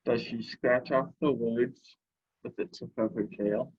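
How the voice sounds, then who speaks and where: Slow, husky-voiced man reading aloud. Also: mid-range voice, fairly even intonation, darkish tone, lo-fi sound. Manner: slow, unhurried reading with short personal comments. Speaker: library story time reader. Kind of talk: reading picture books aloud to children.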